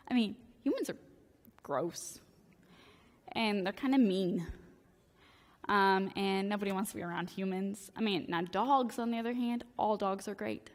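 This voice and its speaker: A woman's voice: medium pitch, fairly bright tone, long reverb tail. A woman preaching a sermon in a church, casual and joking, peppering her talk with "like". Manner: casual, joking, talks in valley-girl-like "like" phrasing. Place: church sanctuary.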